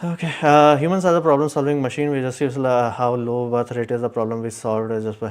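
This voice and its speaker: A man's voice: mid-range voice, little pitch movement, brisk, clear, resonant tone. A man hosting a casual livestream, blunt and opinionated, rambling with many fillers as he answers chat.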